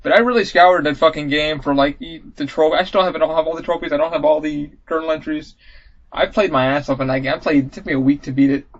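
A fairly high-voiced man hosting a podcast, chatting casually and excitably and swearing freely. He breaks into yelps as he acts out scenes. The audio is dull and lo-fi. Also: fast. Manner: excitable, swears a lot, acts out game moments in loud yelps. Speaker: podcast host. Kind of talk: casual chat.

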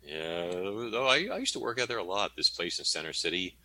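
A deep-voiced man spins anecdotes as an interview guest, his pitch swooping all over as he talks. His tone is bright and forceful. He keeps punctuating his points with "okay?". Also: fairly quick, no echo. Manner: animated, tags statements with "okay?". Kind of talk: conversational storytelling.

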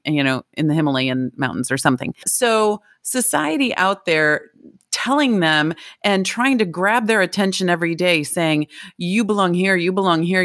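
A woman's voice: lowish voice, fairly bright tone, no echo, clean studio sound. A middle-aged woman, an interview guest, explaining and telling a story in a conversational way. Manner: storytelling, explanatory, acts out quoted voices. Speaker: guest expert on self-esteem.

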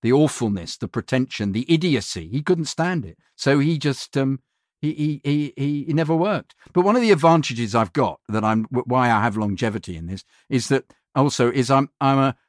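A man, a voiceover actor, telling animated anecdotes in a casual interview. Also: mid-range voice, normal speed, no echo, clean studio sound. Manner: animated storyteller, mimics other voices in quotes. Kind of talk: anecdotal chat.

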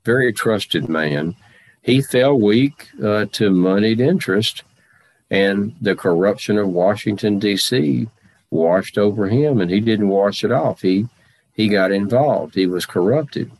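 A man portraying an aging Civil War general and president in first person, speaking with slow, deliberate, formal phrasing. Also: fairly low pitch, darkish tone. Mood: earnest. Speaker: historical reenactor in character.

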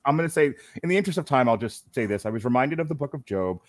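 A podcast host reads through a story recap in a casual, wry way, dropping sarcastic comments as he goes. His voice sits at an ordinary middle pitch. The sound is dry and close, with no room around it. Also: expressive, very fast, no room sound. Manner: wry, sarcastic, laughs while reading. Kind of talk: reading a plot recap with casual asides.

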